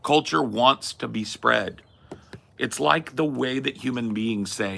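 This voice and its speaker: A man's voice: medium pitch, slow, vocal fry, a bit bright, a little hiss or hum. A man hosting a talk podcast, arguing his opinions emphatically with casual swearing. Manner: emphatic, swears, acts out quoted voices. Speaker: podcast host.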